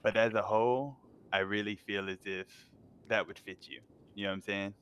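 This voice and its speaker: Hype-talking man, slangy, lowish voice. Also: steady tone, normal speed, a bit bright, clear, resonant tone. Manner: slangy, hyping others up. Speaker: gang member in roleplay. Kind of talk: in-character roleplay chat.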